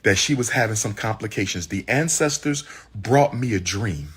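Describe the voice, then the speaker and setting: A man's voice: fairly low pitch, animated, moderate pace, fairly bright tone, breathy edge. A man telling an audience his personal story in a heated, exclaiming way, repeating phrases for emphasis. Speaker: public speaker.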